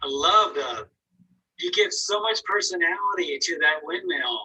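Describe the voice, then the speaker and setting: A man's voice: fairly high pitch, lively intonation, a little slow, sharp tone, husky, recorded from a distance, low-quality recording. A man teaching an online painting class, giving casual, encouraging critiques of students' work and thinking aloud as he goes. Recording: voice from away from the mic.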